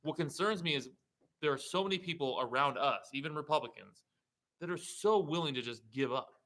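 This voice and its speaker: A man's voice: on the high side, brisk, a bit bright, poor audio. A man who is a state representative, speaking heatedly and emphatically as a guest in a political interview. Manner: heated, emphatic, rising to indignation.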